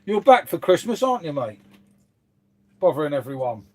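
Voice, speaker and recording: A man's voice: on the high side, sing-song, normal speed, no echo. A man hosting a casual live stream, chatting to viewers in a rambling, matey way with the odd swear word. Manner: chatty, rambling, says "mate" constantly, mild swearing.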